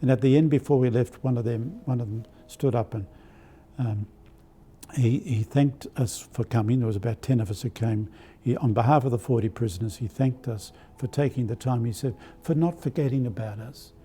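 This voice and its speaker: An older Australian archbishop telling personal stories in a live-streamed spiritual talk, with a gentle anecdotal manner and many fillers. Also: male voice, mid-range voice, moderate pace, slightly rough. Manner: warm anecdotal, hesitant with fillers.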